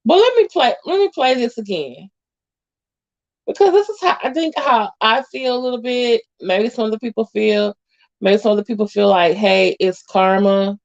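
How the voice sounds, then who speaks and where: A woman's voice: a little high, animated, moderate pace. A woman giving casual reaction commentary, chatty and hesitant with many fillers. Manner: chatty, hesitant, lots of ums. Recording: dull lo-fi audio.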